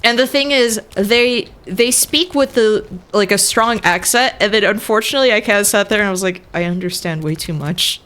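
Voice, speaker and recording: A woman's voice: a little high, brisk, hardly any pauses, fairly bright tone. A woman from northern France, a native French speaker, chatting casually and laughing often while streaming a game. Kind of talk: casual gaming chat.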